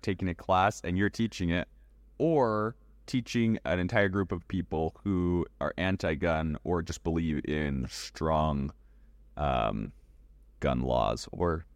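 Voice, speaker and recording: A man's voice: deep voice, no echo. A man hosting a podcast, reading listener questions and chatting casually, often hesitating and repeating words. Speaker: podcast host.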